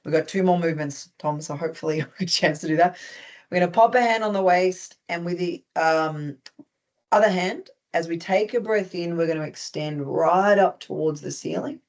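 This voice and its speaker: An instructor with an Australian accent leads a group through simple stretches and breathing, speaking calmly and steadily. The cues are gently instructive, with small touches of humor mixed in. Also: medium pitch, moderate pace. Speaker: movement instructor. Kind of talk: guided stretching class.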